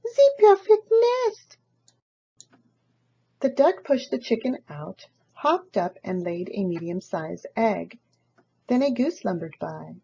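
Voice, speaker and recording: A woman reads a children's picture book aloud, slow and full of lively pitch swings. Her voice is mellow and a little husky. The recording sounds dull and lo-fi. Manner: expressive, slow storytelling. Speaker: storybook reader. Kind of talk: children's story read-aloud.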